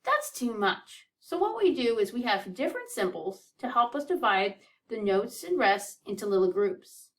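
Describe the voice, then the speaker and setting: A woman's voice: on the high side, very animated, normal speed, a bit bright, distant mic. A woman teaching a children's music lesson, counting beats aloud in an upbeat, encouraging way.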